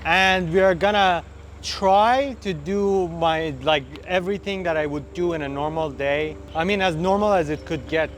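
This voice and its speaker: A chatty young man vlogs from the driver's seat of a car, his voice a touch high. He jokes and grumbles about being stuck, with faint city and traffic noise around him. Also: moderate pace. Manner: chatty, mock-complaining, playful. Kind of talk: casual vlog narration. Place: inside a parked car in a city.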